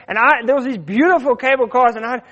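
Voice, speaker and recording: A high-pitched man, middle-aged, spinning casual personal stories with lively, stumbling repetitions. His voice comes through a dull, muffled lo-fi recording. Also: quick pace. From South Africa. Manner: animated, repeats words, acts out his quotes. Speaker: storyteller.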